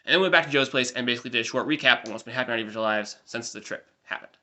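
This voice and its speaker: A man's voice: mid-range voice, racing, pushed and bright. A man in his twenties with an American accent, giving a rambling, chatty life update with self-deprecating asides. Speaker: vlogger. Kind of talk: casual diary-style life update.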